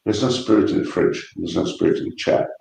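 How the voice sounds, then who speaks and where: A low-voiced man earnestly explaining his faith, often restarting his sentences. The sound is roomy and echoey. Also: quick pace, creaky, darkish tone. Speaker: Christian debater. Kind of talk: casual online debate.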